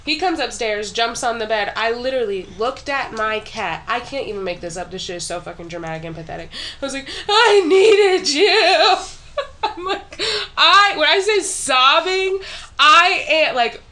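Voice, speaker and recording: Bright-voiced swearing pregnant woman. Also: a little high. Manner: swears and laughs while telling stories. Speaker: podcast co-host. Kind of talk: casual chat.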